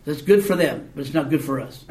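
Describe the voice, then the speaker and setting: A man's voice: a little high, lively intonation, brisk, a little mellow. A man teaching a Bible class in a casual, conversational way, often checking in with his students through questions. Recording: echoey room, mic far off.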